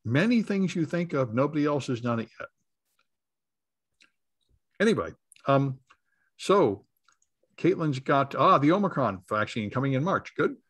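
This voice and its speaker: A man's voice: medium pitch, very animated, unhurried, pauses often, a bit bright, slightly rough. A man hosting a casual panel discussion, making dry, musing remarks. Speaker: host.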